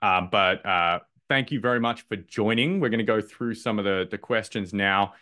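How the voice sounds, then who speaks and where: A man's voice: fairly low pitch, normal speed, sharp tone. A man giving a live online masterclass, talking loosely and upbeat, with lots of fillers and restarts. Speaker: masterclass presenter. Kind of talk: live webinar presentation.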